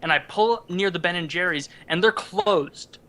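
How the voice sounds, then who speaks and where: A man in his twenties co-hosting a podcast, telling a casual story in an animated way and laughing as he goes. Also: sits high, moderate pace. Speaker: podcast co-host.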